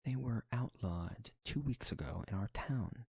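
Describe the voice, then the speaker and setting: A man's voice: mid-range voice, lively intonation, measured pace, creaky, dark tone, slightly rough, no room sound, clean studio sound, exaggerated voice. A man voicing a chatty male shopkeeper in a tabletop game, with rambling bureaucratic patter.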